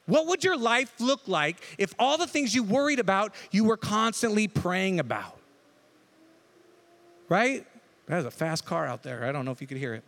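Speaking at a normal speed in a high, sing-song voice with a fairly bright tone, a pastor jokes his way through an informal sermon. He chats with the congregation and keeps asking them "right?"

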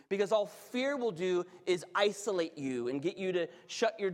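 A man with a high, bright-pitched voice preaches and reads scripture, his sermon rising into fervent, excited storytelling. His voice rings out with a long reverb tail, as if he stands in a large hall. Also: normal speed, hardly any pauses. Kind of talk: sermon with Bible reading.

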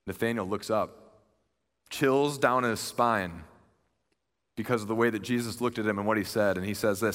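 A man's voice: lowish voice, moderate pace, long pauses, a bit bright. A young man preaching a sermon in a conversational, earnest way, retelling a story with animation. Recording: long reverb of a large hall.

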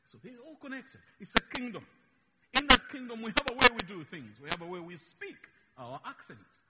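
A man from Uganda with a Ugandan accent and Luganda as his first language, preaching a slow, emphatic, playful sermon in a church. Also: very high-pitched, lively intonation, big-room sound, heavy background noise. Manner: slow, emphatic, dynamic in loudness, playful teasing.

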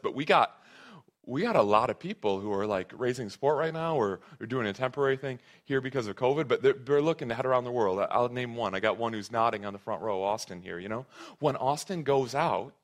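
A man preaching a sermon to his congregation in an earnest, conversational way, often restarting his phrases. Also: medium pitch. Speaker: pastor.

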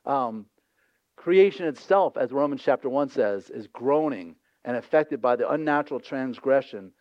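A male pastor preaching a sermon in a lively, conversational way, acting out voices from the scripture scenes. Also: mid-range voice, moderate pace, no room sound, highs cut off.

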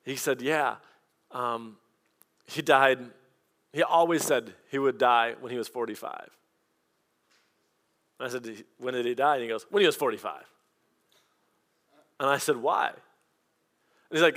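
Animated storytelling pastor, a man. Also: mid-range voice, unhurried, long pauses. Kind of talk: sermon.

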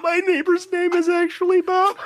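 A woman's voice: very high voice, completely flat delivery, normal speed, heavy background noise. A woman chatting casually with friends on a podcast, laughing breathlessly as she reads game cards. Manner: laughs hard and breathlessly while reading. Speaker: podcast co-host and card game player. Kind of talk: casual chat among friends.

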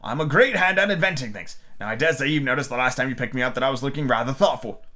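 A man voicing a bumbling, solemn male knight who invents odd things, speaking gravely and earnestly. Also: medium pitch, fast talker, bright, forceful tone, close to an everyday voice.

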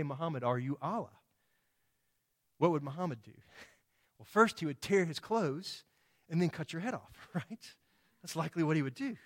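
Emphatic preacher man, higher voice. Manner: emphatic, with rhetorical questions and quoted voices. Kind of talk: sermon.

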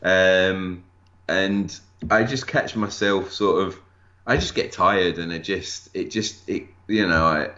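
A man's voice: low-pitched, fairly even intonation, sharp tone. A man, chatting as an interview guest, hesitant and full of restarts. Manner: halting, many restarts and fillers. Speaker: guest collector. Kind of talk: casual interview chat. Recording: lo-fi echoey room.

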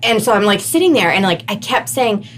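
Animated woman telling a personal story. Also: medium pitch, fairly quick, a little hiss or hum. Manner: animated, heavy use of "like" fillers. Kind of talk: casual conversational storytelling.

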